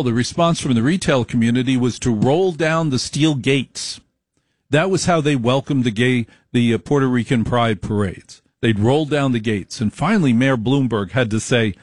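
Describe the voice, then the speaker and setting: A middle-aged man speaking at an ordinary, middle pitch, recorded close and dry. He talks in an emphatic, repetitive way and drags out key phrases to make his points land. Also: moderate pace, no echo. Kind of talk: storytelling monologue.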